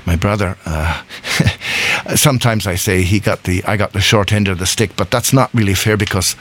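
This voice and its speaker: A man's voice: sits low, normal speed, a bit bright, slight background noise. A man from Scotland hosting a live radio show from a studio, rambling in a casual, self-amused way and chuckling often.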